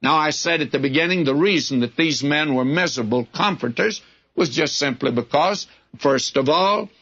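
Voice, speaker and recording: A man's voice: mid-range voice, a bit bright. A man teaching the Bible verse by verse on the radio in a plain-spoken, folksy way with wry asides. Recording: dull lo-fi radio broadcast recording.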